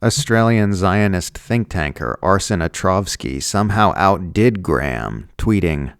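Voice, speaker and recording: A man with a deep, gravelly voice reads a scripted commentary. His delivery is sardonic and lively in pitch, and he slips into mocking tones for the figures he quotes. The recording is close and dry. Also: measured pace, few pauses, dry recording.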